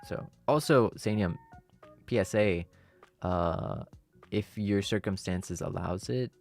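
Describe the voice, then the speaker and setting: A man's voice: fairly low pitch, takes it slowly, creaky, darkish tone, soft background music. A young adult man streaming and chatting casually with his viewers, rambling through his thoughts with many fillers and breaking into playful melodrama.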